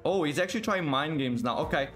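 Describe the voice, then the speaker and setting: A man on the higher side of male voices, calling out live gameplay with excited, exclamatory energy. He fires off repeated words in quick bursts as the action unfolds, with faint music playing behind him. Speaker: gaming video creator.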